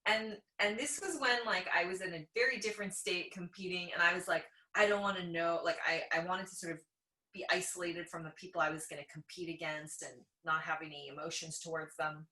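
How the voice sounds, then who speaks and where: A Canadian woman in her thirties, a podcast guest, telling lively stories in casual conversation and laughing often. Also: on the low side, fairly quick. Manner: animated storyteller, laughs often. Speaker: podcast guest, jiu-jitsu black belt. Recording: echoey room.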